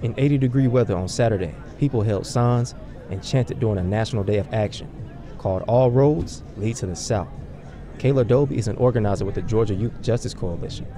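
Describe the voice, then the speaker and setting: A male field reporter reading a scripted news report in a brisk, clipped way. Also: fairly low pitch, mellow. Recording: crowd noise from outdoor rally.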